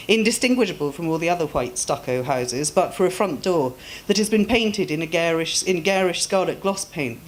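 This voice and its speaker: A woman author reads her own story aloud at a live event, measured and expressive. Her voice sits low, with a faint hiss of noise behind it.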